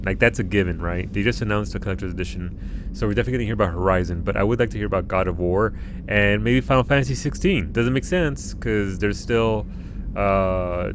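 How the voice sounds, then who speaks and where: A man's voice: fairly low pitch, a little hiss or hum. A man chatting casually on a live game stream at home, rambling, swearing freely and laughing often.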